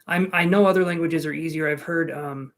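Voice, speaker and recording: A man's voice: on the high side, steady tone, a little fast, a bit bright. A man giving live tarot readings, chatting casually, calling out viewers' names and joking between cards. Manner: chatty, reads viewers' names aloud and jokes. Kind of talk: casual live-stream chat.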